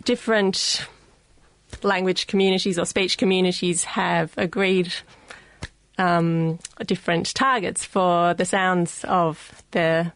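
Low-voiced Australian woman explaining slowly. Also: level tone, a bit bright, no echo. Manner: measured, with frequent filler pauses. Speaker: guest expert on the voice. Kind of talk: explaining in a radio studio.

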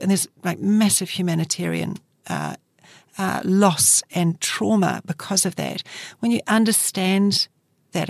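A middle-aged New woman speaks as an interview guest, her fairly low voice carrying a gravelly edge. She talks thoughtfully, with frequent fillers and restarts. The sound is close and dry. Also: no echo. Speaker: journalist guest. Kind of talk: reflective interview talk.

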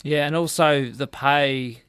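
An interviewer asking brief, gentle prompting questions. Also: medium pitch, slow pace, clean tone, no echo.

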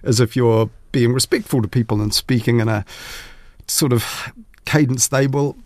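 A man's voice: mid-range voice, normal speed, a little mellow, no echo. Man in a radio studio, dry close mic, casual commentator, wanders and restarts. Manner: chatty, rambling with fillers and restarts. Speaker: media commentator.

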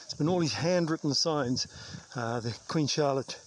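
New zealand man, hiking vlog, chatty, self-mocking, slightly high voice, outdoor noise with insects. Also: moderate pace. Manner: chatty, self-mocking, sprinkles in mild swearing. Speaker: vlogger hiking a long trail. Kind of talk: casual hiking vlog talk. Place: outdoors on a bush trail.

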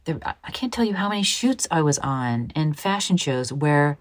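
Very low-voiced woman, hushed and halting. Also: very animated, rough recording. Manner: soft, halting, often drops to a hushed near-whisper. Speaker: interview guest, model. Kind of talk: personal storytelling in an interview.

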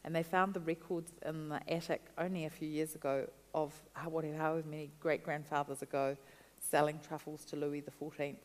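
A woman guest, a food writer, telling animated stories in an interview. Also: low-pitched, brisk, long reverb tail. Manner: chatty, animated storytelling with laughs. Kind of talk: storytelling interview answers.

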